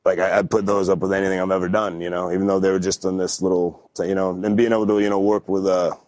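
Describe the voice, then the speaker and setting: A man's voice: low voice, little pitch movement, fast talker, a little mellow, no echo. A man in his thirties, a wrestler guest on a podcast, telling stories in a laid-back, rambling way with lots of fillers and restarts. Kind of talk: casual storytelling interview.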